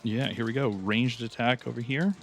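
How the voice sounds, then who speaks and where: A man's voice: medium pitch, steady tone, moderate pace, gravelly, soft background music. A man playing a tabletop roleplaying game, chatty and joking with his group. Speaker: player. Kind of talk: casual tabletop play.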